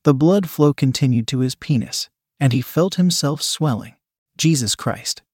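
A man narrating a scripted story in a measured, steady reading manner. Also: mid-range voice, husky, no room sound, studio quality.

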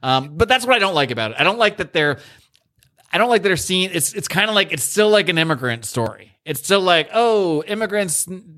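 A man's voice: on the high side, pushed and bright. A man co-hosting a podcast, giving rambling, opinionated takes in casual chat, swearing freely and often restarting his sentences. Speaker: podcast co-host. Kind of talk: casual chat reviewing a TV show.

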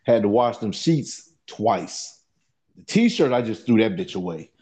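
A man's voice: fairly low pitch, big pitch swings, a little slow, warm tone. A man telling a long profane story in a casual podcast chat, rambling and repeating "you know what I'm saying" as he goes.

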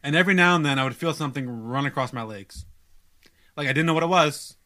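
A young man casually telling a long story on a podcast, animated and self-mocking, stumbling over restarts. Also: on the high side, quick pace.

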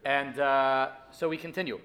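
A man giving a Torah class, lively and full of rhetorical questions, often restarting his sentences. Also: medium pitch, normal speed. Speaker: rabbi teaching a weekly class.

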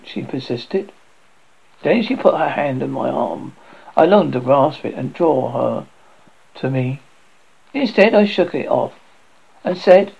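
A man with a gravelly, husky voice giving a theatrical reading of a classic horror story, stumbling and restarting now and then. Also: mid-range voice, lively intonation, takes it slowly, pauses often, darkish tone, dull audio.

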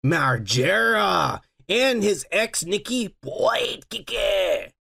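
Gravelly high-voiced man, crude rambling. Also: lively intonation, drawn-out words, pushed and bright. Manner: crude, rambling, keeps saying "yeah, yeah, yeah". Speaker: podcast co-host. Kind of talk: casual chat.

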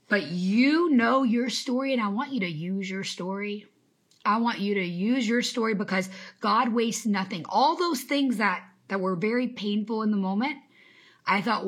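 Woman in her 30s, business coach, live motivational talk, emphatic and faith-infused, fairly high voice. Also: measured pace, a bit bright. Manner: emphatic, faith-infused, greets viewers by name. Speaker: business coach and podcast host.

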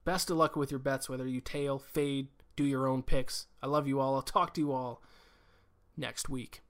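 A man hosting a casual solo podcast who talks quickly and rambles, with plenty of fillers and restarts. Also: mid-range voice, steady tone, a bit bright. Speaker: podcast host.

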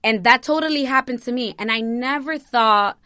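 A woman's voice: on the high side, normal speed, sharp tone, smooth, no room sound. A young woman from New Jersey vlogging, giving impassioned personal commentary that circles back on itself, close to tears and swearing freely. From New Jersey, USA.

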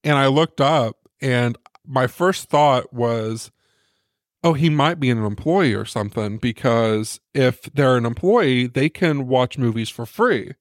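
A man's voice: mid-range voice, lively intonation, a little slow, dry recording, studio quality. A man co-hosting a podcast, telling a rambling casual anecdote and acting out the quotes of the people in it. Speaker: podcast co-host. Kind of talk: casual storytelling.

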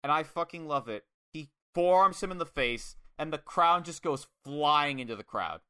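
Fired-up guy with a bright sharp voice, swears a ton, dry close sound. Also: on the high side, normal speed, clear, resonant tone, dry recording. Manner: excitable, swears a lot, acts out quotes. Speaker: podcast co-host. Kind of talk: casual wrestling review chat.

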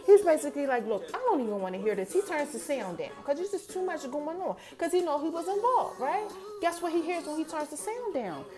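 A woman with a high, bright voice recaps a TV episode for her podcast listeners in loose, chatty storytelling. She jumps into the characters' lines as she goes and keeps calling out to her audience, with faint music sitting low underneath. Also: a little fast. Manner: animated storytelling, quoting characters, addresses listeners as y'all. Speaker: podcast host.

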